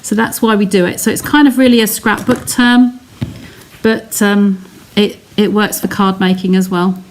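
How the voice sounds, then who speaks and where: A woman's voice: medium pitch, little pitch movement, moderate pace. English woman, craft demonstrator, chatty and step-by-step, faint background noise. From England. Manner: chatty, narrates each step while reading live comments. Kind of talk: live card-making demonstration.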